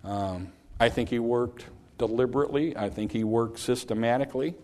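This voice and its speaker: A man's voice: medium pitch, normal speed, darkish tone. Earnest preacher man. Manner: earnest, repeats phrases, voice climbs on emphasis. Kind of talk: sermon, Bible teaching.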